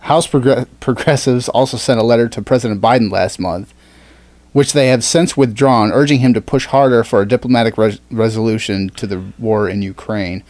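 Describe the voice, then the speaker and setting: A man's voice: mid-range voice, normal speed, a little mellow, dry recording. A man co-hosting a satirical podcast, reading news items aloud and breaking into crude jokes. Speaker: podcast co-host.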